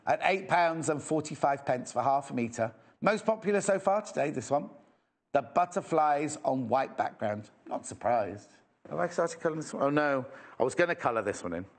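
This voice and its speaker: A man's voice: fairly high pitch, expressive, moderate pace. Chatty English shopping-TV presenter, man. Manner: chatty, enthusiastic, self-mocking asides. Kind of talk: live TV shopping chat. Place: TV studio.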